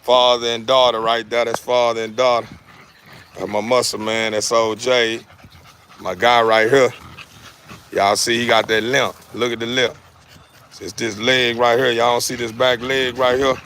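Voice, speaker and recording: A man's voice: medium pitch, flat delivery, measured pace, fairly bright tone, slight background noise. A man, casually showing off his dogs in an outdoor yard, repeating himself and calling to them. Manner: laid-back, repeats phrases, talks to his dogs. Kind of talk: casual vlog narration. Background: dogs playing.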